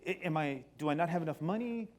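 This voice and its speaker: Animated man telling a life story. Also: fast talker. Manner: animated, swings between loud excited bursts and quiet low passages. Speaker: company speaker. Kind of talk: personal storytelling talk. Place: stage before an audience.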